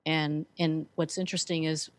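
A woman's voice: deep voice, level tone, normal speed. A woman telling her story earnestly as a guest, with frequent fillers. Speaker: guest, author and speaker. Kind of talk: conversational interview.

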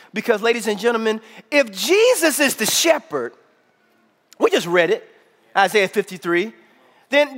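A man preaching a sermon to a congregation, calling out for responses and often shouting with excitement. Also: high-pitched. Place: church with audience. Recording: long hall reverb.

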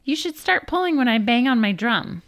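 A woman's voice: on the high side, animated, normal speed, fairly bright tone, pitched above the performer's own voice. A woman voicing a clever, sly little male rabbit trickster with a wheedling manner in a storybook reading. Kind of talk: storybook read-aloud.

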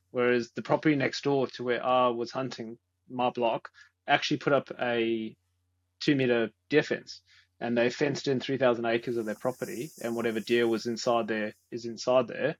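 A man's voice: medium pitch, no room sound. A man explaining earnestly, repeating words as he thinks. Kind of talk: casual explanation.

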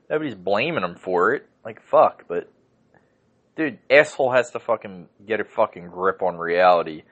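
Low-voiced, profane man ranting. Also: expressive, unhurried, pauses often, a bit bright, lo-fi sound. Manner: profane, rambling, with frequent fillers and throat-clearing. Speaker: podcast host. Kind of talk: ranting casual monologue.

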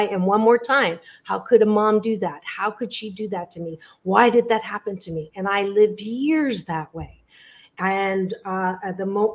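A middle-aged woman in an interview, speaking candidly about her own life. She talks earnestly and leans hard on key words. Her voice sits at an ordinary middle pitch. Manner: earnest and emphatic, addresses listeners directly with lingering stress on key words. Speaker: psychologist guest. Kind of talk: podcast interview, candid storytelling.

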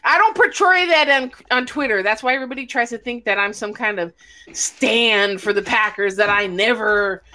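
A woman's voice: a little high, moderate pace. A woman hosting a casual chat, telling stories bluntly and swearing a lot. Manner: blunt, profane, animated storytelling. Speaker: podcast host.

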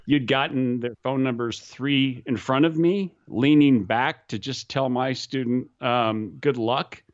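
A man's voice: mid-range voice, a little slow, dry recording. A man, a skydiving instructor, telling stories in casual chat, rambling and repeating himself, laughing at his own tales. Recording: slightly dull, dry recording.

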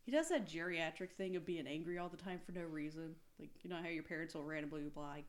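A woman in her thirties, married with kids, recapping episodes in a casual, sarcastic chat full of swearing. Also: deep voice. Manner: sarcastic, swears freely, quick asides. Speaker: podcast co-host.

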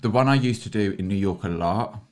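A man's voice: lowish voice, fairly quick, darkish tone. A young man from England with a London accent, telling stories in a casual chat as a podcast co-host, laughing often and slipping into camp put-on voices. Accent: London English.

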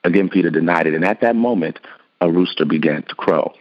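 A man with a deep voice reads scripture aloud in a steady, even way. The audio is dull and lo-fi. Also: fairly quick. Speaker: scripture reader. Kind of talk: scripted narration.

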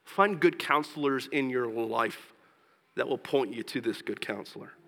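A man preaching a sermon as pastor, earnest, slowing down for scripture and rising in pitch and force when he exhorts. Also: vocal fry, sharp tone, in a large hall, rough recording. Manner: slows down for scripture and tender points.

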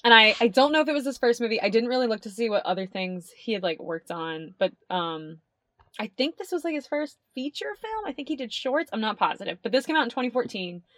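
A woman's voice: on the high side, sing-song, fast, a bit bright, dry recording. Chatty young woman podcaster, dry sound. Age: young adult. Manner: chatty, rambling, swears, laughs often. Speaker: podcast co-host. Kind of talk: casual chat.

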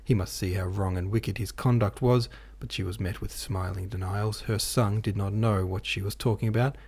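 A man reading a classic novel aloud as an audiobook narrator, with a measured, even delivery. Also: on the low side, husky. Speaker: podcast host and audiobook reader.

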